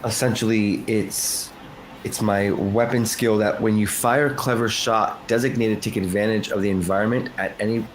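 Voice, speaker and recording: A man's voice: lowish voice, steady tone, moderate pace, slight background noise, poor audio. A man playing a tabletop role-playing game, hesitant and correcting himself as he explains his move. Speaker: player. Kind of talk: casual game-table talk.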